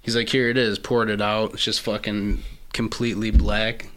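A man's voice: fairly low pitch, flat delivery, normal speed, a bit bright. Rambling young man chatting casually. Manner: rambling, restarts often, lots of "I mean". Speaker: podcast co-host. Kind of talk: casual group chat.

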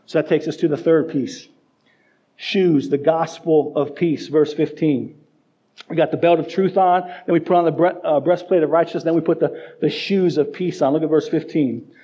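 A man's voice: a little high, fairly even intonation, moderate pace, dark tone, breathy edge, dull audio. A male pastor preaching a sermon emphatically, acting out quoted voices along the way. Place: church.

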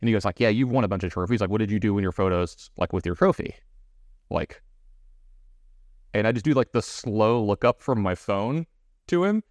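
A man talking fast and loose as he tells a funny story on a podcast. His voice sits a bit low and sounds dry and close to the mic, with plenty of fillers and quick restarts. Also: expressive, a little mellow, dry recording. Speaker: podcast co-host. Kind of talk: casual storytelling chat.

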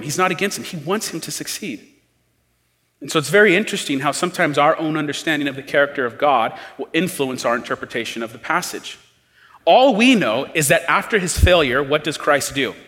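A man's voice: a little high, a bit bright. Conversational man preaching in a hall. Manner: conversational, acts out quoted lines with shifting tone. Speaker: pastor. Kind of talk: sermon.

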